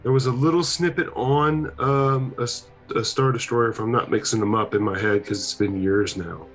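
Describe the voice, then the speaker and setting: A man's voice: mid-range voice, normal speed, faint music behind, poor audio. A man chatting casually at a tabletop game session, laid-back and opinionated. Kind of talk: casual chat between game turns.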